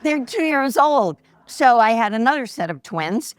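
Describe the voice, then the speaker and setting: A woman's voice: fairly high pitch, a little slow, a loud crowd. A woman in her sixties, an investor guest telling personal stories in a live podcast interview, acting out the voices she quotes. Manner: animated anecdotes, acts out quoted voices. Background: live audience laughter.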